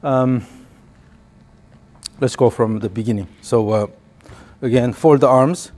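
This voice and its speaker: A man's voice: medium pitch, takes it slowly, darkish tone. Man coaching, chanting rhythmic cues. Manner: instructive, repeats short rhythmic cues. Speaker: golf coach. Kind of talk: hands-on coaching lesson.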